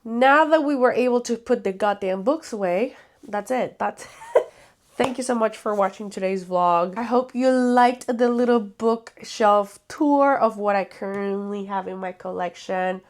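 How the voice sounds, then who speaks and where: A woman's voice: mid-range voice, measured pace. Casual book vlogger: woman, playful, chatty, swears offhand, talks to camera.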